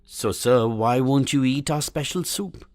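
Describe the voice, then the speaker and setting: A man's voice: mid-range voice, unhurried, darkish tone, no room sound, clean studio sound, pitched above the performer's own voice, close to an everyday voice. A man voicing a fawning, nervous male possum waiter in a storybook, who stammers as he hurries to please his customer. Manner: stammering, eager, bowing and scraping.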